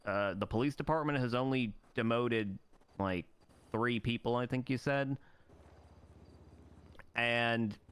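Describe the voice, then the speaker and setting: A man's voice: medium pitch, a bit bright, clean tone. A man moderating a debate, pressing candidates with blunt, profane, sarcastic questions.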